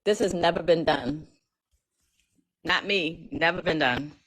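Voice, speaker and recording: A woman's voice: deep voice, unhurried, fairly bright tone, breathy edge. A woman speaking, casually chatting to her followers on a livestream, emotional and full of restarts. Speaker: legal educator streaming live.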